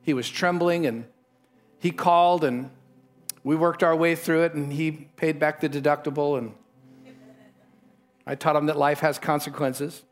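A middle-aged man preaching a sermon as pastor, emphatic, with sudden lifts in pitch and a storytelling manner. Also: steady tone, a little slow, long pauses.

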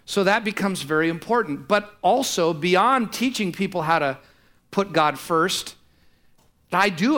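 A man preaching a sermon in a bright, somewhat high voice. He drives home his points with emphatic repetition and a steady rhetorical build. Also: unhurried. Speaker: pastor.

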